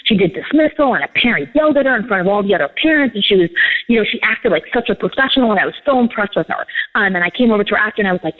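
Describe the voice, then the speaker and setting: A woman's voice: mid-range voice, very fast. A woman, a leadership coach, giving interview answers and telling stories with acted-out dialogue. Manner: animated storytelling, acts out quoted dialogue. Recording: tinny phone-like line.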